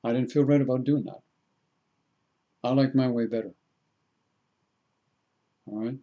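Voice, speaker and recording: A man, a spiritual teacher, leading a guided meditation talk in a slow, deliberate way and repeating phrases for the listener. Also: mid-range voice, fairly even intonation, lo-fi sound.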